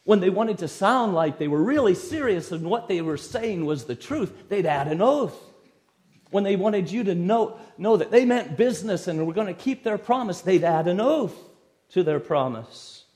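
A man preaching an expository sermon, verse by verse, with an emphatic delivery that swings between loud stresses and sudden quiet drops. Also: high voice, lively intonation, moderate pace.

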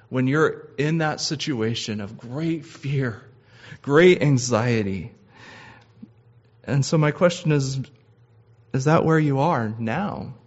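A man's voice: medium pitch, dull audio. A man preaching a sermon, earnest and personal, rising to impassioned pleading when reading scripture aloud.

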